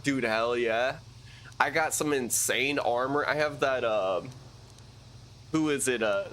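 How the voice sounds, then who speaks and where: A young man talking loosely on a live game stream, full of slang and easygoing fillers. His pitch sits in an ordinary middle range, and a faint hiss of background noise runs under his voice. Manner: slangy, relaxed, thanks viewers, many fillers and restarts. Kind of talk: casual live-stream chat while gaming.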